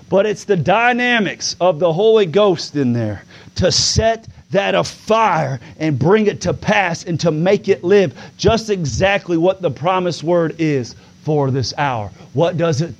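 A man preaching a sermon to a congregation. He moves from easy conversational talk to loud, drawn-out preaching with calls of "come on now". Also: fairly high pitch, highs cut off.

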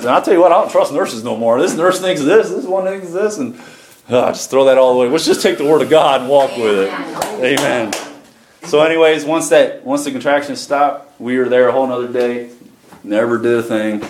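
A man's voice: mid-range voice, fairly quick, slight background noise. A man pastoring from the pulpit, telling a testimony in a folksy, conversational way with frequent chuckles. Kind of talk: sermon testimony. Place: church sanctuary. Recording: echoey church room, faint music.

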